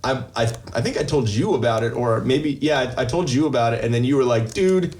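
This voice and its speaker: A man's voice: mid-range voice, fast talker, a little mellow, a little hiss or hum. Rambling male podcast host. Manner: rambling anecdotes with frequent laughs. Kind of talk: casual chat.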